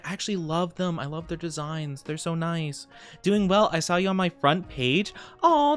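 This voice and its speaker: A man's voice: sits high, a bit bright, clear, resonant tone. A young man streaming casually, chatting with viewers in a rambling way, with frequent laughs and fillers. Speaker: VTuber streamer. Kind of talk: casual live-stream chat.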